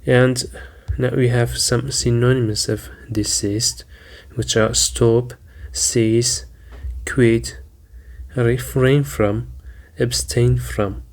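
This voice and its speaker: A man teaching vocabulary, deliberately repeating each word and spelling out its syllables and stress. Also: mid-range voice, flat delivery. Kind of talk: slow, careful vocabulary lesson.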